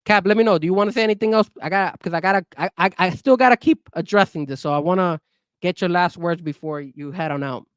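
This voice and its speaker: A man hosting an online sports talk show, ranting with rising heat and the odd curse. His pitch swings up and down as he gets worked up. The sound is dry and close, with no room around it. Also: fast talker, smooth, dry recording. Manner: heated, cursing, lively swings in pitch. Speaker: show host. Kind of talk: casual sports podcast talk.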